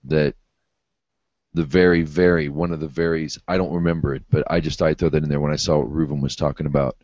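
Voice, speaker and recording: Very deep-voiced man, rambling on a call. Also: little pitch movement, quick pace, darkish tone, dry recording. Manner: rambling, hesitant, with many fillers and restarts. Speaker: participant in an online hangout. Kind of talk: casual group video chat. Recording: dull lo-fi web call audio.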